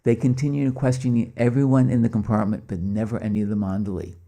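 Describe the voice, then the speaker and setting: A man telling anecdotes to a gathering, briskly voicing the people in his stories and chuckling between them. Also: mid-range voice. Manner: lively storyteller voicing quoted dialogue. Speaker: speaker at a spiritual gathering. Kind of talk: anecdotal storytelling talk.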